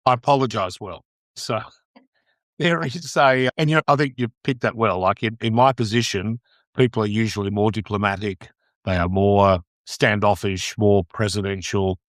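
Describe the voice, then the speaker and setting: A man's voice: lowish voice, fairly even intonation, moderate pace, no room sound, clean studio sound. An outspoken man, a lobbyist, giving blunt opinions in a podcast interview. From Australia. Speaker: guest, lobbyist.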